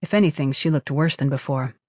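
A narrator reading a science fiction novel in steady, even scripted narration. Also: medium pitch, brisk, no echo, studio quality. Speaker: audiobook narrator.

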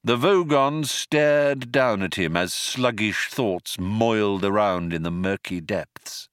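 A man narrating a comic story in a dry, measured storytelling manner. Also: lowish voice, a bit bright, smooth, no echo. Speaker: audiobook narrator. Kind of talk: scripted narration.

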